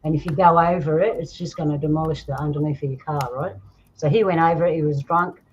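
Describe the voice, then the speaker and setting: A woman's voice: deep voice, steady tone, quick pace, darkish tone. An Australian woman hosting a casual chat, telling stories and laughing often. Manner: chatty storyteller, laughs often. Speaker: host. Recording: dull lo-fi sound with faint noise.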